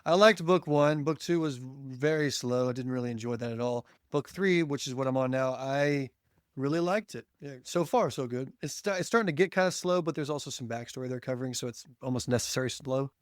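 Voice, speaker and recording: A man's voice: medium pitch, brisk, no echo, studio quality. A man chatting as a podcast guest, upbeat and talkative, telling stories. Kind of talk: casual chat.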